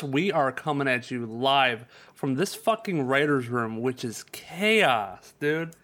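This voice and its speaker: A man's voice: medium pitch, expressive, slow pace, hardly any pauses, a bit bright. A man co-hosting a podcast, ranting in exasperation and swearing a lot in casual chat. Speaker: podcast co-host.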